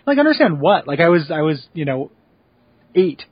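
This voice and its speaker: A man co-hosting a podcast in casual chat, making wry, deadpan jokes. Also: a little high, moderate pace, breathy edge, dry recording, lo-fi sound. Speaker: podcast co-host.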